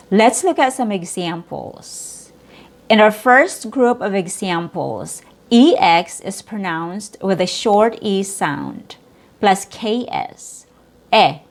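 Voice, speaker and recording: Teaching English pronunciation in a medium-pitched voice, a woman speaks slowly with crisp articulation. She holds out model sounds and individual syllables.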